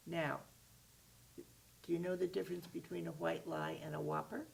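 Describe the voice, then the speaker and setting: A woman storyteller telling a tale to children in an animated, expressive way. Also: on the low side, a little slow, creaky, pauses often, slight background noise. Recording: voice far from the mic.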